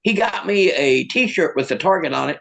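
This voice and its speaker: A man's voice: on the high side, lively intonation, normal speed, gravelly, fairly bright tone, low-quality recording. A man doing stand-up comedy with a bit of magic, telling self-mocking stories in a stammering, restarting way, filmed on his own camera.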